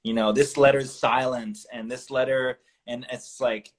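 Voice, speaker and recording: A man's voice: mid-range voice, steady tone, measured pace. A man in his thirties chatting casually on a live stream, explaining things in an easygoing way with fillers. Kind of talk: casual chat.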